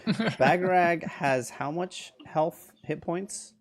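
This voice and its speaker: A man running a tabletop game, narrating scenes slowly for suspense and laughing between lines. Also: on the high side. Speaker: game master.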